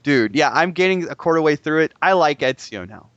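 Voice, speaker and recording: A young man gushes about video games in a rambling, profane, excitable way. His voice sits a little high and sounds dry and close, with no room around it. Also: fairly quick, no room sound, lo-fi sound. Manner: excitable, rambling, swears a lot. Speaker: gaming podcast co-host. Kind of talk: casual profane chat.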